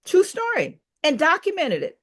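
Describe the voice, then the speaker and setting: Older woman telling a lively story. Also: extremely high pitch, normal speed. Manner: animated storyteller who acts out quoted dialogue. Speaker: podcast guest, business owner. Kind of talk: storytelling in an interview.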